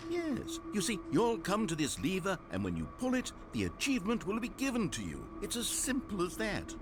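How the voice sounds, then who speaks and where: A man's voice: wildly swooping pitch, moderate pace, music in the background, full character voice. An actor playing a grandly theatrical, wry male game narrator with a lofty, ironic delivery. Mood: proud. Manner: lofty, ironic and wildly sweeping in pitch.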